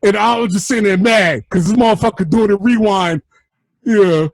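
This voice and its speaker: A man from New telling stories in a casual chat, animated and profane, acting out what people said. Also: high voice, fairly quick, gravelly, dry recording. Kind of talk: casual storytelling.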